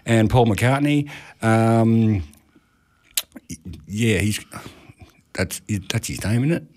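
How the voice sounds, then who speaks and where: A man's voice: fairly low pitch, expressive, takes it slowly, darkish tone. A man hosting a radio music show, chatting casually and jokingly with plenty of "mate" and "no worries.". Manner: laid-back, jokey, drops in "mate" and "no worries". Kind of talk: casual chat.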